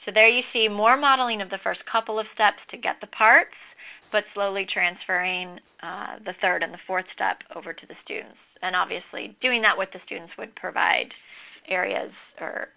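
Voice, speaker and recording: Female instructor, gravelly voice, steady explanatory lecture, narrow phone-like sound. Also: medium pitch. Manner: measured, explanatory, with occasional fillers. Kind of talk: lecture over slides. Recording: tinny phone-like audio.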